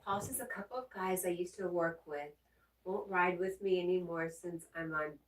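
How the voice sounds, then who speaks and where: Low-voiced woman in a roomy room. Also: moderate pace. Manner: coos in baby talk to her dog. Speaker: livestream host. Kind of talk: casual livestream chat, reading viewer comments aloud. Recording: roomy sound, mic far off.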